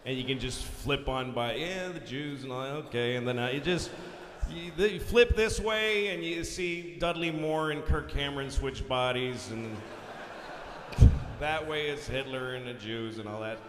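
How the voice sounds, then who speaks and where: Animated, profane stand-up comedian man. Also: mid-range voice, measured pace. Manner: animated storytelling, profane, exasperated. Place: large concert hall stage. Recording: live hall reverb, faint noise.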